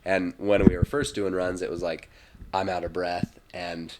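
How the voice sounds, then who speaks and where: A man on a podcast as a guest, telling his story in a relaxed, chatty way with lots of fillers. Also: sits low, normal speed, background noise. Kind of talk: casual chat.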